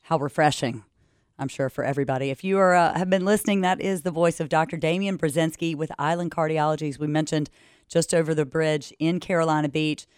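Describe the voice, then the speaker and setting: A male radio host with a smooth, resonant voice, pitched a little above average. He praises and promotes his guest with enthusiasm. The studio sound is close and dry. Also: fairly even intonation, brisk, dry recording. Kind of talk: radio interview.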